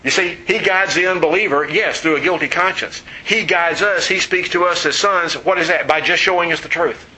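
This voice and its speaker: Bright-voiced pastor preaching, conversational. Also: male voice, fairly high pitch, moderate pace, hardly any pauses, poor audio. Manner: conversational, teasing, animated storytelling; asks the congregation questions. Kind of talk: sermon.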